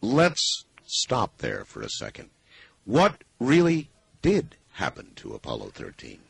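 A male radio host with a husky voice that swings widely in pitch. He steers the interview with short, prompting questions, and his sound is dry and close. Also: huge pitch swings, unhurried, a bit bright, no echo. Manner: brief prompting questions and reactions. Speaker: radio talk show host.

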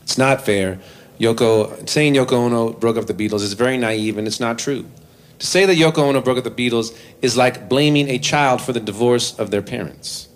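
Animated, self-deprecating man on stage. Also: medium pitch, a little fast. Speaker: comedic musician performing live. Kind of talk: stand-up storytelling between songs. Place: live venue with audience.

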